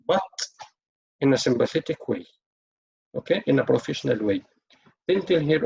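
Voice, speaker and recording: Guy teaching med students, kinda high gravelly voice, acts out the doctor lines, muffled audio. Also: very animated, moderate pace. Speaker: medical exam tutor. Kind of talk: teaching communication skills with role-play. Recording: dull lo-fi recording.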